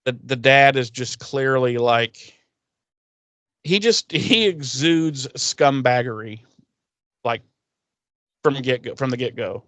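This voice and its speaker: A man's voice: mid-range voice, lively intonation, slow, long pauses, fairly bright tone, no echo. A man co-hosting a podcast, recapping an episode in a jokey, profane way and laughing often. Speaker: podcast co-host. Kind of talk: casual recap chat.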